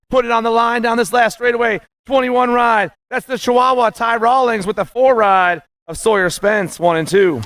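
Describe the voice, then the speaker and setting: A man calling live races as the announcer, excited and punchy, rattling off names and nicknames. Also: high-pitched, clear, resonant tone, no echo. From USA. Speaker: race announcer. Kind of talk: live race commentary.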